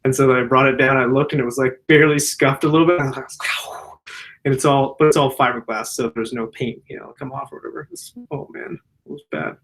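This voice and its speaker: A man's voice: mid-range voice, steady tone, fast, few pauses, fairly bright tone. Laid-back, swearing male surgeon host. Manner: profane, loose storytelling. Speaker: general surgeon hosting a Q&A. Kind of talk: casual Q&A chat.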